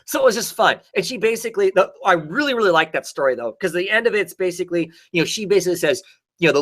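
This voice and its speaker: A man talks through a comic story in a loose, rambling way. His voice sits a little high and sounds bright and forward. He keeps restarting his sentences and filling gaps with ums and you-knows. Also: lively intonation, rapid-fire. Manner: rambling recap with many fillers and restarts. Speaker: podcast co-host. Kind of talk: casual chat.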